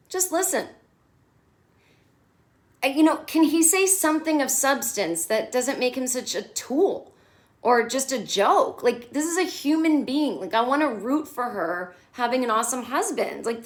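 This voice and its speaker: A woman comedian hosting a casual comedic TV recap, animated and sarcastic, who swears freely. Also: mid-range voice.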